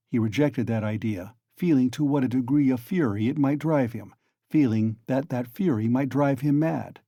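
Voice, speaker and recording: A man reading a classic novel aloud in a measured, low-key narration. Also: warm tone, dry recording, studio quality. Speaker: audiobook reader.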